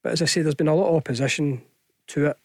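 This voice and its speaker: A man's voice: a little high, fairly even intonation, rapid-fire, no echo, studio quality. A Scottish man giving casual football punditry on radio, chatty and hesitant with frequent restarts. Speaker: football pundit, former player. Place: radio studio. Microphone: studio microphone.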